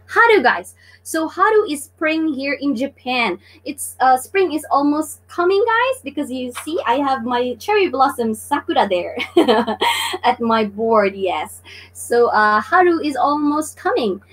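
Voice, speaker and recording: A woman's voice: sits high, sing-song, unhurried. A woman from the Philippines hosting a casual live-streamed Japanese lesson, chatty and full of fillers. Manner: chatty, many fillers and "guys".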